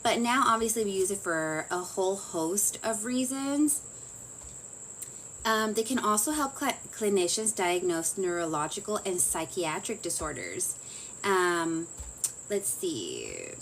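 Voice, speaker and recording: A woman's voice: mid-range voice, very animated, measured pace, fairly bright tone, a little hiss or hum, low-quality recording. A woman giving a casual, chatty psychology lesson, full of fillers and self-corrections. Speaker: psychology teacher. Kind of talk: casual lecture.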